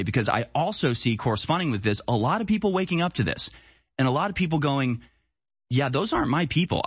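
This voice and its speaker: A man's voice: medium pitch, slightly rough, dry recording. A man hosting a live-stream political commentary show, talking bluntly and heatedly in a casual way.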